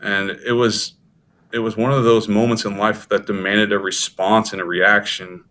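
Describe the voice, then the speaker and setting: A man's voice: fairly low pitch, flat delivery, normal speed, pushed and bright, a little hiss or hum. A middle-aged man sharing an earnest faith testimony as a podcast guest, talking with frequent restarts. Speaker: podcast guest, former Navy SEAL officer.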